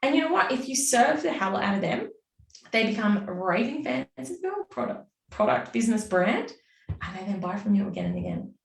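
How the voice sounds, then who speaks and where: A woman chatting as an interview guest, animated and acting out her own inner voice. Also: medium pitch, moderate pace, gravelly. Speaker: guest, business mentor. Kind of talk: casual interview chat. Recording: roomy sound from a distance off the mic.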